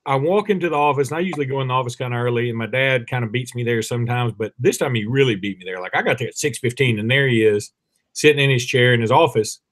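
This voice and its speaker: A man's voice: mid-range voice, quick pace. A man co-hosting a podcast, telling a funny story in casual chat and acting out the voices of the people in it. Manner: animated, laughing storyteller who acts out voices. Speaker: podcast co-host.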